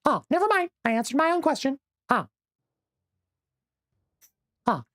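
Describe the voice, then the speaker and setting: Mickey Mouse, squeaky cartoon mouse. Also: male voice, sing-song, unhurried, a bit bright, no echo, studio quality, heavily acted. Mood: squeaky playful. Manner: high squeaky falsetto, swears in character. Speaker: streamer. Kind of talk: live game stream chat.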